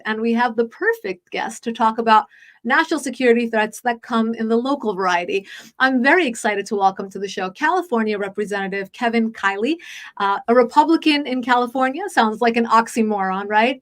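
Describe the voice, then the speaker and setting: A woman hosting a podcast interview, talking fast and chatty with many fillers and restarts. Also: fairly high pitch, fairly bright tone. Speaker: podcast host. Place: Los Angeles.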